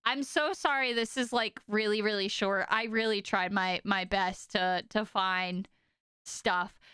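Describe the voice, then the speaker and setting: A young woman streaming casually to her chat, telling stories in an animated, exaggerated way with lots of "like" and "okay?". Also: medium pitch, measured pace, clear, resonant tone, dry recording, studio quality.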